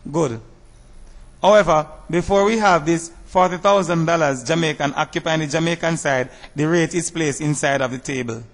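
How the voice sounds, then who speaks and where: A man teaching a math lesson over slides, explaining step by step in a measured way and asking rhetorical questions. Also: fairly high pitch, big-room sound.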